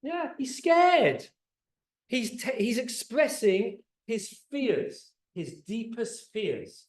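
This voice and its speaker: A middle-aged man, a rabbi, teaching a Torah class to a group, animated and questioning, often repeating words as he speeds up. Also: very high voice, drawn-out words. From England. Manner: animated, asks the audience questions, repeats words when excited. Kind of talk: lively teaching talk to a group. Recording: roomy echo.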